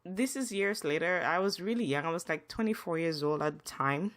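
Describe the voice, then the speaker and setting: A woman's voice: fairly low pitch, brisk. Earnest, emotional young woman podcaster. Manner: emotional, earnest storytelling with many restarts. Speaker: podcast host. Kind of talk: casual personal monologue.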